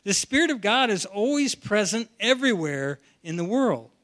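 In a high, sing-song voice with a fairly bright tone, a man preaches at normal speed. It's an expository Bible sermon, delivered animatedly with frequent word repetitions as he restarts phrases.

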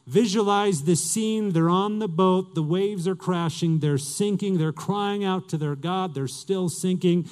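A man's voice: high voice, measured pace, hardly any pauses, darkish tone, clear, resonant tone. A male pastor preaching a sermon in a conversational way, asking his listeners questions and reading scripture aloud.

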